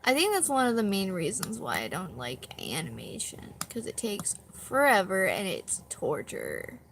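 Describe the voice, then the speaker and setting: A woman's voice: mid-range voice, wildly swooping pitch, unhurried, gravelly, slight background noise. Rambling, tired young woman live streaming. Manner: rambling, self-deprecating, swears casually. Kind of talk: casual live stream chat. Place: at home with a dog on her back.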